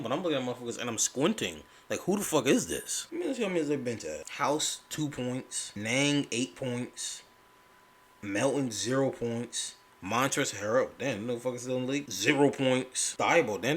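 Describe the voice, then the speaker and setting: A man ranting about basketball in a casual, profane commentary, firing rhetorical questions in exasperation. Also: medium pitch.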